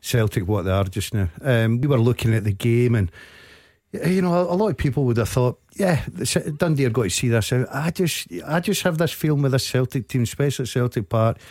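A man, a former player, giving animated football analysis on the radio while out of breath. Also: medium pitch, fairly quick, no echo, clean studio sound. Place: radio studio.

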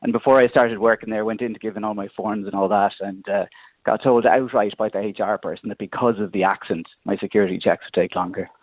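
A man's voice: fairly low pitch, fairly even intonation, fast, no room sound. An Irish man calling a radio phone-in, talking in a hedging way with many "sort of" fillers. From Ireland. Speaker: radio caller. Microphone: telephone line. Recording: tinny phone line, dry.

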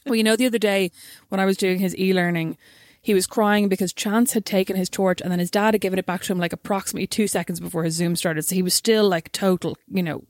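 A woman's voice: mid-range voice, steady tone, quick pace, hardly any pauses, darkish tone, no echo, studio quality. A woman, co-hosting a casual chat podcast and telling stories with frequent giggles. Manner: giggly storyteller. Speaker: podcast co-host.

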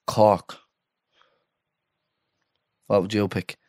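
A young man with an Irish accent, co-hosting a podcast in playful, animated banter and laughing often. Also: on the low side, extremely slow, no echo, clean studio sound. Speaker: podcast co-host. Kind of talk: casual banter.

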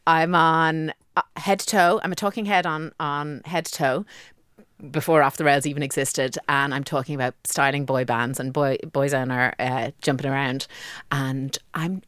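A woman's voice: low-pitched, normal speed, a bit bright, smooth, no room sound. A woman co-hosting a podcast, chatting and explaining with asides and easy laughs. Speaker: podcast co-host. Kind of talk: casual chat.

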